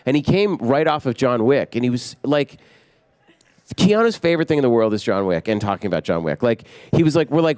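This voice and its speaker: A man in his forties, a film director telling lively anecdotes in an interview and acting out what others said. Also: mid-range voice, fairly quick, dry recording. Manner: energetic anecdotes, acting out quotes. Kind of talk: animated storytelling in an interview.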